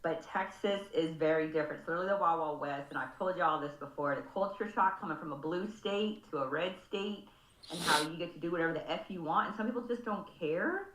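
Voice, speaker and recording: Animated, swearing woman on a video call. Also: deep voice, fast, roomy sound, slight background noise, poor audio. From California. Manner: animated, swearing, laughing storyteller. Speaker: group participant sharing. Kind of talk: casual group video call share.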